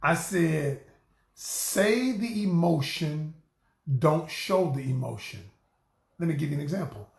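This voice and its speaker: A middle-aged man coaching on relationships in a lively, preachy way, often turning to his listeners with a friendly y'all. His voice sits high for a man. The sound carries a noticeable room echo. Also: slow, vocal fry. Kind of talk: motivational talk to camera.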